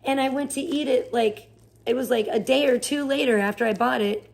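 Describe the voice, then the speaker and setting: A woman's voice: a little high, brisk, creaky, darkish tone. A woman live streamer chatting casually, rambling and swearing as she rants in exasperation. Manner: rambling, profane, exasperated ranting. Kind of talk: casual chat.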